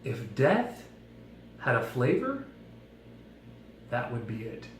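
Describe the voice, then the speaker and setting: A man giving a playful devotional talk with props, telling a story in a jokey, animated way. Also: medium pitch, slow pace, slight background noise. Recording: echoey room, mic at a distance.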